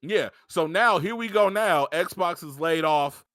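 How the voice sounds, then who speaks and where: A man's voice: fairly high pitch, measured pace, a bit bright, no echo, clean studio sound. A man ranting on a podcast, profane and fired up, telling a story and mocking people in put-on voices. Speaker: podcast co-host. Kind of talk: heated casual podcast rant.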